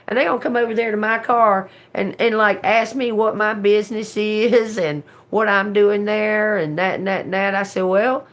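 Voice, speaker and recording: A woman hosting a tarot livestream, telling a story in a casual, animated way, swearing freely and laughing often. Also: mid-range voice, moderate pace, few pauses. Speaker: tarot reader livestream host.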